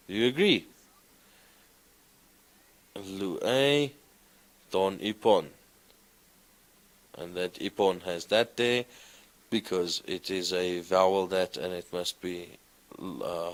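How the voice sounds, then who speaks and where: A man's voice: low-pitched, slow pace, pauses often. A man teaching a classroom lesson, speaking in an encouraging way and often asking his students questions. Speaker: Greek teacher. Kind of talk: classroom lecture.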